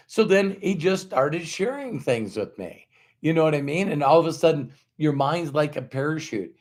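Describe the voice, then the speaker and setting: A man's voice: fairly high pitch, lively intonation, normal speed, darkish tone. A man giving a motivational talk, telling stories in a conversational way, repeating words for emphasis and acting out quoted dialogue with rhetorical questions. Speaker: motivational speaker.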